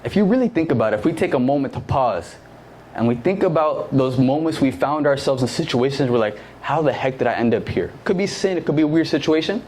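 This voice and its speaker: Young male youth pastor, casual storytelling sermon, slightly high voice, faint room noise. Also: fast talker. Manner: conversational, heavy use of "like", lively anecdotes.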